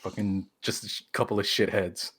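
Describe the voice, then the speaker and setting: A man's voice: lowish voice, level tone, a little fast, a bit bright, slightly rough. A man chatting on a live-streamed podcast, telling family stories with plenty of swearing. He laughs easily and keeps a loose, casual flow. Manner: laughing storyteller, swears often. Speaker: podcast co-host. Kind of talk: casual chat.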